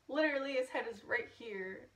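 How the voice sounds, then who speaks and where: A young woman recounts a story in a casual, chatty storytime style. She laughs often and swears freely. Her voice sits a touch high and is picked up a little away from the mic. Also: expressive, unhurried, roomy sound, distant mic. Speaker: vlogger.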